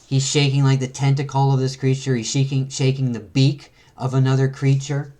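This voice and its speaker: A man walking through a comic book page by page in casual chat, reading the panels aloud and slipping into quick voices for the characters. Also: mid-range voice, level tone, dark tone.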